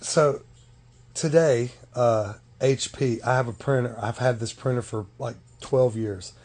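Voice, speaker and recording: A man's voice: mid-range voice, unhurried, a little mellow. A man complaining in a casual vlog, firm and emphatic, repeating himself for stress.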